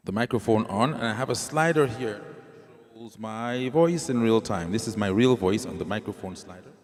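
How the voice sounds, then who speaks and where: In a large hall, a man with a fairly low voice runs a casual live keyboard demo, singing and explaining each step to viewers while checking their comments. He speaks into a wireless handheld mic, with keyboard music in the background.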